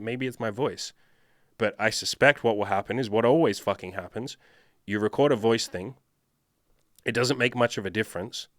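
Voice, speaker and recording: Blunt, low-voiced man coaching on dating. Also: fairly bright tone, no room sound, clean studio sound. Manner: blunt, profane, lecturing. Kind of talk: Ask Me Anything monologue answering viewer questions.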